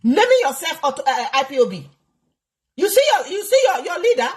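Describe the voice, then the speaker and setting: A woman's voice: sits high, sing-song, a little fast. A woman with a Nigerian accent hosting a live call-in program. She scolds her listeners angrily and slips into Pidgin. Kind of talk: heated live broadcast rant.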